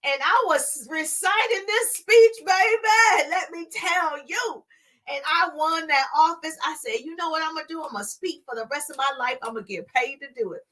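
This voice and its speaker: A middle-aged woman telling her own story in a casual, animated way as she teaches social media marketing, laughing often and breaking into playful exclamations. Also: high-pitched, normal speed.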